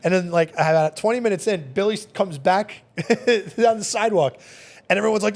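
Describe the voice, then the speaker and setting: A man who manages a bar, telling stories in a casual interview, quick and animated with many fillers. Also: high voice. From Long Island, New York. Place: podcast studio.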